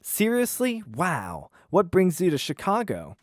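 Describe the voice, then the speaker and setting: A man voicing an eager young female waitress in a high, excited voice. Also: unhurried, dry recording, studio quality, full character voice. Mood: amazed.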